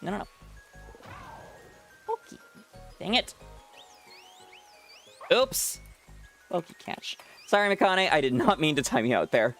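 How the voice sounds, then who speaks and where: Laughing, teasing male streamer, lively pitch. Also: measured pace, long pauses, soft background music. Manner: teasing, laughs often, swears freely. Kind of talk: casual live-stream chat with viewers.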